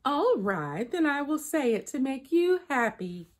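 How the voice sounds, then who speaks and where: A woman voicing a calm, clever female little bush deer who answers innocently. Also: high-pitched, measured pace, pitched above the performer's own voice. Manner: calm, innocent, playing along.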